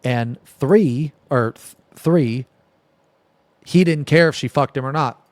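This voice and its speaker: A man's voice: mid-range voice, takes it slowly, a little mellow, no echo. A man streaming, giving blunt, profane, heated reaction commentary in casual talk.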